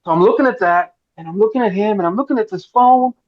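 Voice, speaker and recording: A man's voice: high voice, quick pace, muffled recording. A middle-aged man from Miami, an actor telling a long anecdote at a roundtable interview and acting out the voices in it. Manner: animated storyteller, acts out quotes. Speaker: actor guest.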